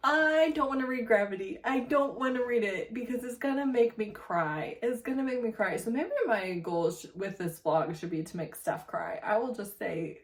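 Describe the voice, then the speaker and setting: A woman hosting a casual reading vlog, talking in an animated, emphatic way and laughing often. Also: fairly high pitch, normal speed, few pauses, recorded from a distance. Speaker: booktuber host. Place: home room with laptop.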